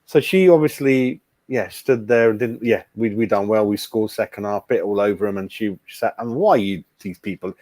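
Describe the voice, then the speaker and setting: A man's voice: fairly low pitch, normal speed, hardly any pauses, darkish tone, no echo. A man chatting casually as co-host of a football fan show, rambling and calling people mate. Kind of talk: casual chat.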